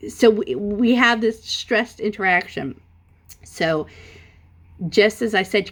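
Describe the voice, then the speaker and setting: Gravelly-voiced woman telling a rambling story. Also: medium pitch, slow, long pauses. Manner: animated, profane, voice jumps up when emphatic. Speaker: vlogger. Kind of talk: casual storytelling.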